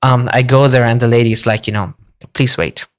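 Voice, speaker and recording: A man telling a long travel story in a relaxed podcast chat, with many fillers. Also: mid-range voice, clear, resonant tone. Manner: flat, unhurried storytelling with fillers. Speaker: podcast guest. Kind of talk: casual storytelling.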